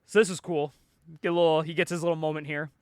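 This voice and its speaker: A man hosting a podcast, casually retelling a comic book story with animated energy, frequent laughs and swearing. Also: fairly high pitch, quick pace, dry recording, clean studio sound. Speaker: podcast host recapping a comic. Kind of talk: casual chat.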